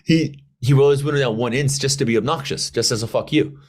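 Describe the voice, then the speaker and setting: A man, a Marine veteran guest, telling stories in a casual interview, profane and animated, acting out quoted dialogue. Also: medium pitch, quick pace.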